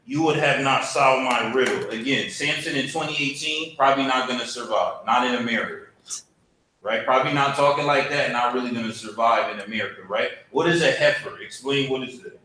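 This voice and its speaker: Bright-voiced man teaching a Bible class. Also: mid-range voice. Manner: conversational, asks class questions. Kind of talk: casual teaching. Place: church classroom. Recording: very echoey room, faint hum.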